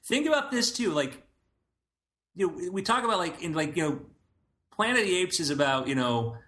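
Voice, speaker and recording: A man's voice: high-pitched, sing-song, a little fast, a bit bright. A man co-hosting a podcast, talking enthusiastically in casual chat, peppered with "you know".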